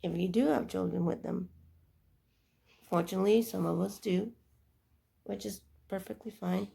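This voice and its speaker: A woman's voice: medium pitch, fairly even intonation, moderate pace, gravelly, dark tone. A young adult woman giving earnest, rambling life advice in a casual monologue. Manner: earnest, preachy, rambling with restarts.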